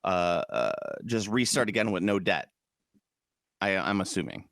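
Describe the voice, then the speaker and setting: A man from Chicago with a lowish voice, chatting on a podcast. He rambles and jokes, swears freely and often breaks into mock voices. The sound is close and dry. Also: sing-song, normal speed, fairly bright tone, no echo. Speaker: podcast co-host. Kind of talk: casual chat.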